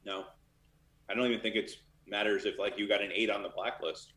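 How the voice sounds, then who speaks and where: A man's voice: lowish voice, little pitch movement, a little fast, roomy sound, background noise. A man talking casually and candidly as a guest in an interview, with lots of fillers. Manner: loose and candid, many fillers. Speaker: literary manager.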